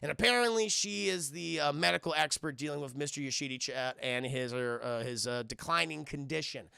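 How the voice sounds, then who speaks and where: A man's voice: on the high side, a little fast, gravelly, pushed and bright, clear, resonant tone, no echo, clean studio sound. A man doing a rambling, profane scene-by-scene film review, talking straight to his live chat. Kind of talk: casual livestream film review.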